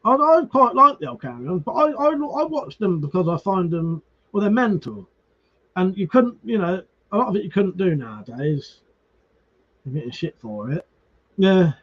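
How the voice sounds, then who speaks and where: This man's high, sing-song voice has a fairly bright tone and a moderate pace. He's casually chatting on a live stream, greeting viewers by name as he reads their comments, cursing freely and restarting words. The recording is dull lo-fi stream audio.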